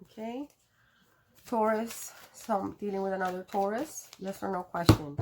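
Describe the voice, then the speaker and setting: A woman's voice: medium pitch, a little slow, noisy background. A woman reading tarot cards to her viewers in a casual, chatty way, laughing often and cursing now and then. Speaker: tarot reader.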